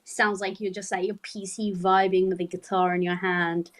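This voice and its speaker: A woman's voice: mid-range voice, little pitch movement, normal speed. A British woman chatting teasingly on a live audio space.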